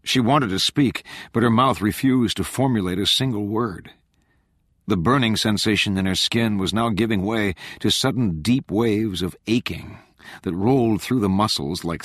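A man reading a thriller audiobook in measured, dramatic narration. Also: fairly low pitch, fairly bright tone, dry recording, studio quality.

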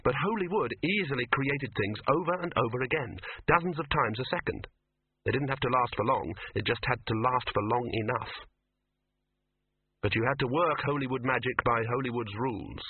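A man's voice: mid-range voice, lively intonation, moderate pace, breathy edge, no echo. A man reading a comic fantasy novel aloud as narrator, in a wry, varied storytelling manner, heard through tinny narrow-band audio.

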